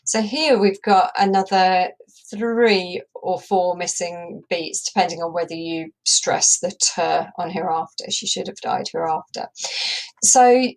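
A woman's voice: fairly low pitch, takes it slowly. A woman English teacher giving a recorded lesson over slides, explaining step by step and tapping out rhythms aloud with frequent ums. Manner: explanatory, says "um" a lot, taps out rhythms aloud.

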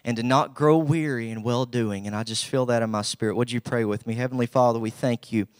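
A man's voice: medium pitch, steady tone, a little fast, no echo, clean studio sound. A young man from Southwest Virginia with an Appalachian accent, preaching a folksy, humble sermon that rises to emphatic bursts.

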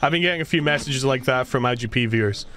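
A man giving let's play commentary over a horror game, sarcastic and ranting, swearing freely and bursting into loud exasperation. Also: medium pitch, fast. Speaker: gaming video creator.

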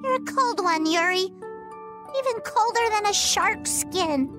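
A woman's voice: extremely high pitch, expressive, a little slow. An actress voicing a spunky young girl pirate in a video game, talking in cheeky pirate slang. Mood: cocky. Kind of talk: game voice acting. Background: game music.

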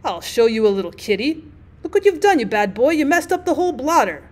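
A woman doing an angry shouting father. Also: high-pitched, big pitch swings, a little fast. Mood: scolding. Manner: shouting scolding commands. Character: stern angry middle-aged father.

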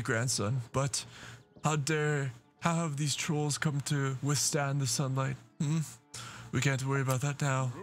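Gruff, theatrical dwarves from a fantasy video game, an angry clan chief and a worried old grandfather, as a man reads them aloud. The voice sits at an even middle pitch, with faint music underneath. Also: close to an everyday voice.

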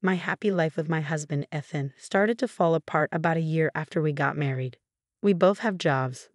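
A woman in her twenties giving a scripted first-person story narration, read in a steady, even way. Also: low voice, no room sound, studio quality. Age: 20s.

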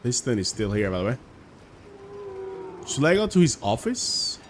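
A man's voice: medium pitch, sing-song, normal speed, a little hiss or hum. A chatty, joking male streamer. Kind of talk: live game commentary.

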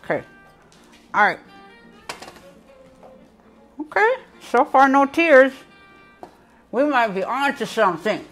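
A woman hosts a relaxed live cooking demo, laughing often and chatting straight to her viewers. Her voice sits a little high, a bit muffled by the bread in her mouth. Faint music and kitchen chopping sounds play behind her. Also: slow, long pauses. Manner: giggly, chatty, talks to viewers. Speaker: cooking show host.

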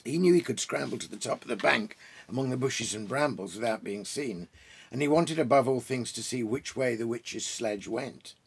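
Man, storyteller, reading aloud, gentle, musing, gravelly, husky. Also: mid-range voice. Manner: gentle, musing, with pauses and restarts. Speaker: reader and storyteller. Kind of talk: reading a children's book aloud.

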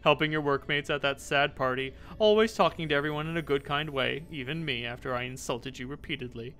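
A man's voice: a little high, a little fast, a bit bright, soft background music, close to an everyday voice. A man voicing a rich young office worker who reads game dialogue in an earnest, long-winded way. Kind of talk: game dialogue read aloud.

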